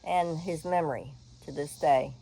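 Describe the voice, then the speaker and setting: Frank older woman, low warm voice. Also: a little slow, gravelly, slightly rough, low-quality recording. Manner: frank, animated, laughs and swears freely. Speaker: storyteller. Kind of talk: personal storytelling.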